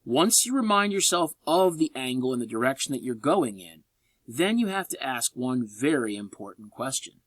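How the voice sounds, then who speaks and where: A man teaching a college English class in a recorded lecture, lively and chatty, with sarcastic joking asides. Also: medium pitch, moderate pace, no echo.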